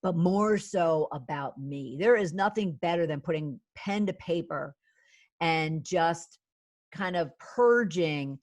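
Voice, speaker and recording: A woman's voice: lowish voice, slow, darkish tone, dry recording. A middle-aged woman, a business coach and author, telling her personal story earnestly, with many "you know" fillers.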